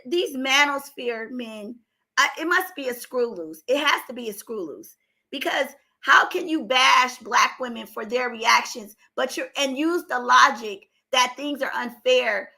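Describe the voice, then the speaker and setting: Her voice is high, bright and forceful as this older commentary vlogger shares her opinions. She speaks emphatically, sounding strained and exasperated, and breaks into outbursts.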